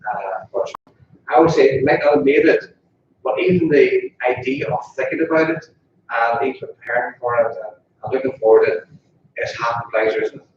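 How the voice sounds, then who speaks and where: A man's voice: medium pitch, moderate pace, background noise. A man with a Northern Irish accent giving an informal funeral eulogy in a funeral parlour chapel, chatty and jokey, often asking the mourners questions. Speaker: funeral officiant. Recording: distant, echoey, dull room recording.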